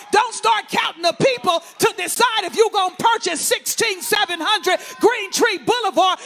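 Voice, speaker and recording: High gravelly preacher man, shouting the sermon, bright cutting tone. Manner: call-and-response preaching with repetitive lists.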